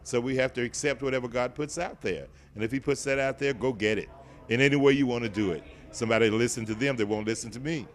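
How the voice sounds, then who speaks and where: In a casual interview chat indoors at an event venue, an older Southern-accented man from Nashville plays the guest, teasing and joking with a TV show host. He speaks fast in a mid-range voice.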